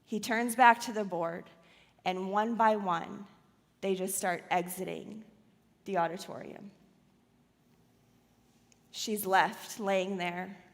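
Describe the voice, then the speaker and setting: Woman pastor, slow dramatic sermon storytelling, long church-hall reverb. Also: mid-range voice, steady tone. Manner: dramatic retelling, swings from loud to hushed. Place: church auditorium.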